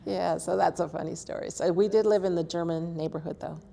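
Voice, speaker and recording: A woman's voice: fairly low pitch, a little fast, creaky. A woman in her sixties telling family stories in an oral history interview, acting out what people said. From Colorado, USA. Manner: animated storyteller, acts out quotes.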